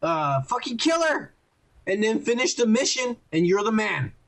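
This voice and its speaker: High-pitched guy ranting and cussing nonstop on his podcast. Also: sing-song, normal speed, creaky, fairly bright tone. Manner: profane, heated ranting. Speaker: podcast host. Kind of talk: casual ranting review chat.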